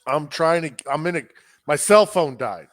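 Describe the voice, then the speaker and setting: A man's voice: a little high, lively intonation, moderate pace, no echo, clean studio sound. Rambling, cussing man podcast host. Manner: rambling, profane, acts out dialogue. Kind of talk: casual storytelling chat.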